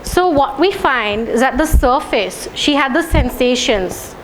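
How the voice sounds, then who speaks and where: High-voiced woman giving a talk. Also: lively intonation, a little slow, slight background noise, low-quality recording. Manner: engaging, asks the audience questions; leads guided tapping phrases aloud. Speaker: speaker leading a health talk. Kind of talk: public talk to a live audience. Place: lecture room with an audience.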